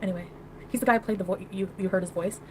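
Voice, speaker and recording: A woman at a middling pitch chatting on a live stream, rambling and giggly as she overshares personal stories. The clip is played back within another stream, with a clear, steady background noise under her voice. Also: rapid-fire, poor audio. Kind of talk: casual live-stream chat.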